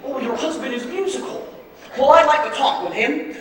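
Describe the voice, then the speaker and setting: A man playing a smooth-talking traveling salesman posing as a professor, with fast, flattering patter in a stage musical. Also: very high voice, a crowd in the background. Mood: glib. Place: theater stage. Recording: echoey hall, miked from far off with music.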